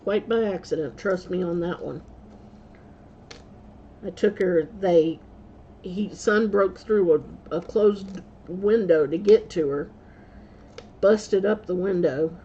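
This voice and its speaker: A woman's voice: lowish voice, slow, long pauses, highs cut off, slight background noise. A woman vlogger telling rambling stories in a casual way, laughing often and correcting herself as she goes. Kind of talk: casual storytelling.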